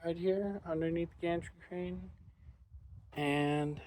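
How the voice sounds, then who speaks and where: A man's voice: on the high side, steady tone, takes it slowly, darkish tone. A man filming his own mechanic work vlog, talking plainly and thinking aloud as he works outdoors in a yard. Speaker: mechanic vlogger. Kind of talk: casual self-filmed work vlog. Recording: noisy outdoor ambience.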